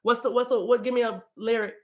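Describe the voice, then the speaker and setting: A woman's voice: a little high, fairly even intonation, fast, darkish tone. A middle-aged woman hosting a live tarot reading. She chats casually and with animation, often laughing and talking straight to her viewers. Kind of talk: casual livestream chat.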